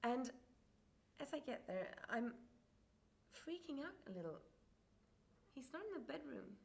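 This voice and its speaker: A woman's voice: high voice, big pitch swings, a little slow, gravelly, heavily acted. An actress playing a flamboyant single woman who dramatically recounts a disastrous date on stage, swearing freely. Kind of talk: live stage comedy storytelling.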